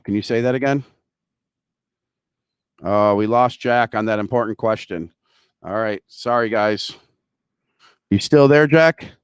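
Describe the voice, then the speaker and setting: Excitable male show host, smooth dry voice. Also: on the low side, no echo. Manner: excitable, joking, scattered restarts. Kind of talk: casual live market show chat.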